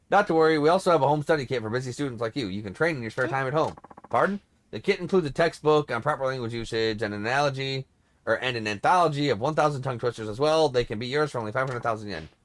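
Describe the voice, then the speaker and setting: A man reading game dialogue aloud as a pushy, upbeat language-school instructor, with bright, overly polite salesy delivery. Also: medium pitch, fast talker, lightly acted.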